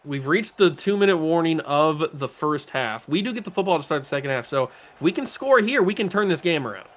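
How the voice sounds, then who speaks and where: A man hosting a gaming channel, giving joking play-by-play commentary on his own video game, talking to himself and swinging between mutters and excited yells. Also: on the high side, a little fast.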